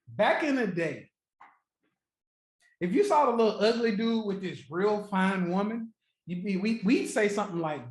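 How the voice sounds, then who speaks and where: Loose-talking man on a livestream, roomy echo. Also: sits high. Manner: loose, profane, joking, laughs often, repeats points slowly. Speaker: trading livestream host. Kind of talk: casual live-stream chat with viewers.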